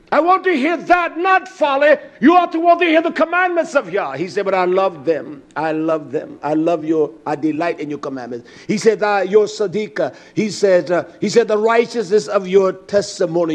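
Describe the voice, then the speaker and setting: High-voiced emphatic male preacher. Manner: emphatic, repeats key words. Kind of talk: sermon.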